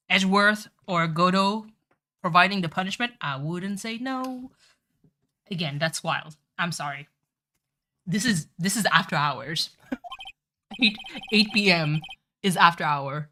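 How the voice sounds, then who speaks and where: A woman's voice: on the low side, measured pace, pauses often, bright, forceful tone. A woman streamer chatting casually while playing a game, talkative, swearing and saying "like" a lot. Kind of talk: casual live-stream chat.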